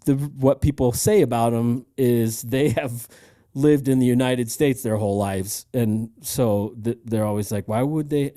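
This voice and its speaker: A man's voice: medium pitch, steady tone, unhurried, few pauses, warm tone. A man co-hosting a casual podcast chat, rambling with frequent laughs and restarts. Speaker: podcast co-host.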